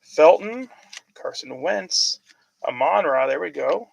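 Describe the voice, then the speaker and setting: A man's voice: fairly high pitch, lively intonation, takes it slowly, gravelly, slightly rough, poor audio. A man hosting a casual card break, calling out player names and rambling about football news with plenty of fillers. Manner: chatty, rambling sports talk with fillers.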